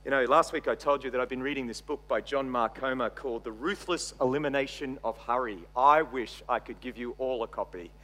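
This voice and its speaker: A middle-aged Australian man preaching a sermon, swinging between loud emphasis and quiet asides. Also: mid-range voice, fairly quick, few pauses. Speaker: pastor. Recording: long reverb from a large hall.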